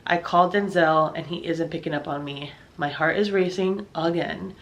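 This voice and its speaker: Young woman telling a storytime, kinda low voice, cussing a lot, fed up. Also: fairly even intonation, moderate pace, muffled recording. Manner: profane, exasperated, acts out dialogue. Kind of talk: storytime narration.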